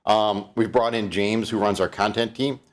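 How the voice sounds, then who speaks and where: A middle-aged Canadian man presents a live-streamed keynote in a lowish, steady voice at a moderate pace. He's chatty and loose, with frequent fillers and restarts.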